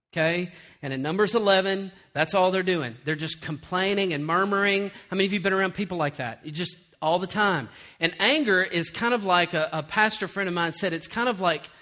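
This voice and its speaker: Man, middle-aged, pastor, sermon, high-pitched, bright, animated storytelling. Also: moderate pace. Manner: animated storytelling, acts out quotes, then drops to quiet earnest tones.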